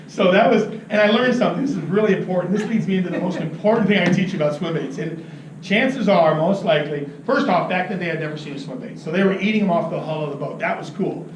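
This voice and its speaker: A man teaching about fishing, telling an animated story, laughing often and acting out what people said. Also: high voice. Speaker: fishing instructor. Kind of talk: anecdotal teaching talk. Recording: roomy, distant mic with noisy ambience.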